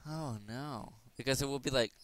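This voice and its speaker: A young gaming channel host rambles and jokes through quiz questions as casual commentary, every so often slipping into silly voices. His voice is medium-pitched and a bit bright, at a normal speed.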